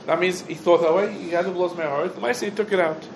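A man's voice: high-pitched, fairly even intonation, fast, gravelly, slight background noise, poor audio. A man teaching an informal halacha class, posing rhetorical questions and answering them, his talk dense with Hebrew terms. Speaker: Torah teacher.

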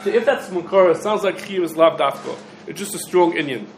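Man, halacha lecture, asks and answers his own questions, slightly high voice, roomy echo. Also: fairly quick, a little hiss or hum. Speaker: Torah teacher. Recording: echoey room with faint ambience.

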